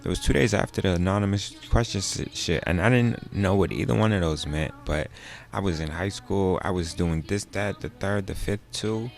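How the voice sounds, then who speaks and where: A young man, a comedian, telling a personal story in a loose, profane, animated way, often jumping up into high exclamations. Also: moderate pace, gravelly. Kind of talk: storytelling monologue.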